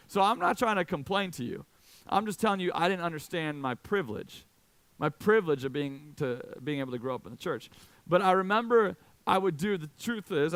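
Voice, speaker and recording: A man's voice: high voice, a bit bright, no room sound. A man in his late twenties from Indiana, a youth pastor giving a casual, self-deprecating talk full of personal stories. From Indiana, USA. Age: late 20s. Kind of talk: sermon with personal storytelling.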